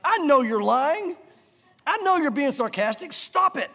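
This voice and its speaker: A man's voice: very high voice, lively intonation, fairly quick, fairly bright tone. A man preaching who acts out a suspicious, demanding ancient king in an indignant raised voice, with a long hall reverb. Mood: exasperated.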